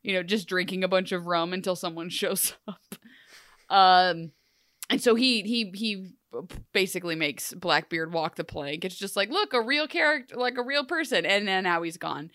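On a podcast, a female co-host with a voice on the low side talks at normal speed, joking casually and telling a spirited story full of asides. It's studio quality, with no room sound.

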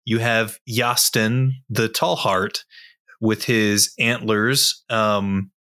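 A man describing his character in a tabletop game, thoughtful and unhurried. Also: on the low side, fairly even intonation, bright, forceful tone. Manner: slow, thoughtful with fillers. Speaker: player.

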